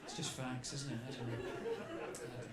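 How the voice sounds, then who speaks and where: A young man doing stand-up comedy, telling stories in a chatty, animated way and swearing freely. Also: medium pitch, moderate pace, heavy background noise. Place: comedy club stage before a crowd. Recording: echoey club with crowd laughter.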